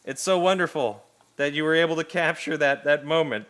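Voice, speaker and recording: A man's voice: on the high side, a little fast, a bit bright. A man streaming himself cooking, chatting casually and playfully with his viewers and laughing often.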